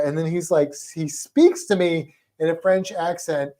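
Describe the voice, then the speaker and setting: A chatty man co-hosting a casual livestream, talking in a mellow, relaxed tone. He rambles playfully from one aside to the next and stumbles over tricky names. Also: fairly high pitch, unhurried. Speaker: podcast co-host.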